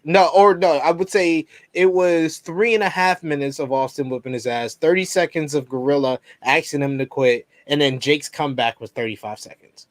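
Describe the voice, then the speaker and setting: A man co-hosting a casual podcast, making quick joking remarks and laughing along. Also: fairly high pitch, dry recording. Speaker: podcast co-host.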